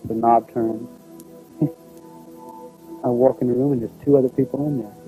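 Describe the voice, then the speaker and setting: A man's voice: mid-range voice, steady tone, normal speed, dark tone, soft background music, low-quality recording. A middle-aged man telling a personal story in a rambling, folksy way, acting out what others said to him. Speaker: abduction witness.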